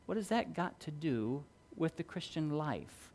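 A middle-aged male pastor preaching a sermon, earnest and story-driven, moving between loud emphasis and quiet, low-key passages. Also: animated, a little slow, vocal fry.

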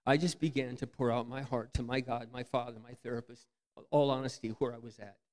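A man preaching a candid, self-mocking storytelling sermon, swinging from loud outbursts to near-whispers. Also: mid-range voice, fairly even intonation, fairly quick. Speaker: pastor.

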